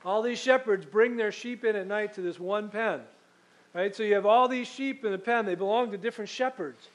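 High-voiced man preaching a sermon. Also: fairly quick, poor audio. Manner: conversational storytelling, reads scripture aloud. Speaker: pastor.

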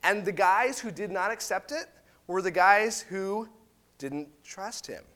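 A man's voice: high-pitched, measured pace. A man preaching a sermon, retelling scripture in casual paraphrase and acting out the quoted voices. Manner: animated, acts out quotes of biblical figures in casual paraphrase. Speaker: pastor.

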